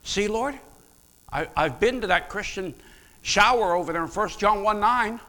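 A male pastor preaches with a high, bright voice, talking conversationally and putting questions to his listeners. The words ring out with the long reverb of a church sanctuary. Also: moderate pace. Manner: animated, conversational, asks the audience questions. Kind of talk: sermon. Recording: long reverb of a large hall.

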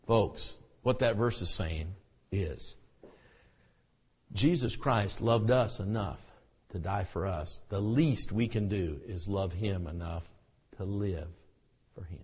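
A middle-aged male preacher giving a sermon, swinging between hushed near-whispers and loud shouted preaching. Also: on the low side, expressive, a little slow, slightly rough. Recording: dull lo-fi recording with long hall reverb.

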